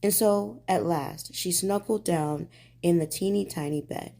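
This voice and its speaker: A woman reading a bedtime storybook aloud in a gentle, soothing way. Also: lowish voice, measured pace, vocal fry.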